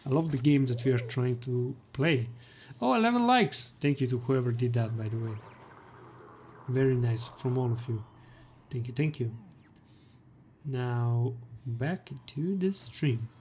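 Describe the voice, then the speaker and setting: A man's voice: mid-range voice, measured pace, long pauses, a little hiss or hum. A man with a non-native English accent that is often taken for Slavic, streaming gameplay live and chatting playfully with viewers. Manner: playful, teasing, animated. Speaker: gaming streamer.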